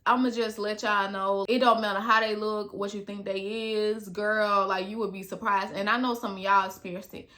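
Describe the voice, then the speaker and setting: A woman in her twenties chatting casually to viewers in a story-time vlog, animated and full of slang. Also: mid-range voice, moderate pace, hardly any pauses. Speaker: vlogger.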